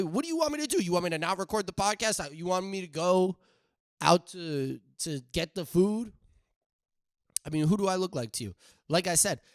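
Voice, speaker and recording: Rambling young man, slightly high voice. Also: dry recording, clean studio sound. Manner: rambling, jokey, with sudden loud outbursts. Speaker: podcast host. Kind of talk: casual solo podcast rambling.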